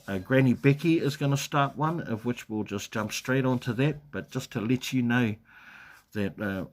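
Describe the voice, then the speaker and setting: A man from New Zealand with a New Zealand accent, hosting a casual live stream, reading out viewer comments in a rambling way with many fillers and restarts. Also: mid-range voice.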